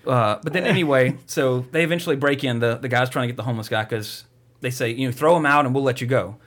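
Man, middle-pitched, loose and profane; rambles and mocks while retelling a film plot. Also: quick pace, a bit bright. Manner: rambling, profane, mocking storyteller. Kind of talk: casual movie recap chat.

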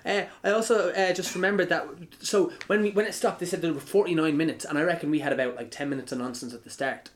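A man's voice: fairly high pitch, a little hiss or hum. A young male host from Ireland, hosting a casual podcast chat in a playful, teasing way. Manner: playful, teasing, quick to laugh.

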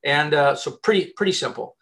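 A man, a headhunter, giving job-hunting advice in a casual interview, talking in an animated way with many restarts. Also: fairly high pitch, fairly quick. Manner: animated, chatty, many restarts and repeated words.

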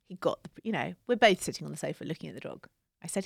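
A woman co-hosting a casual podcast, telling stories in a chatty, animated way with dry humor. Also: lowish voice, fast talker, gravelly, dry recording. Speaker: podcast co-host. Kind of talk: casual chat.

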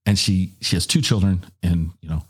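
A middle-aged man tells a story in a relaxed, lively way. His voice is low and husky, and he jumps higher when he quotes others. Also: moderate pace. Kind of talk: casual storytelling.

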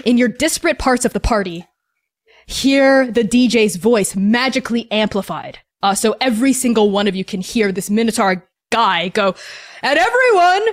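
A woman serves as game master for a tabletop game, narrating at a normal speed in a medium-pitched voice. Her delivery is casual and loaded with filler, especially "like."

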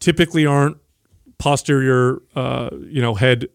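A man's voice: medium pitch, steady tone, moderate pace, gravelly, smooth, no room sound, clean studio sound. A man co-hosting a podcast, explaining things in a matter-of-fact way. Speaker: podcast co-host. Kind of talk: casual chat.

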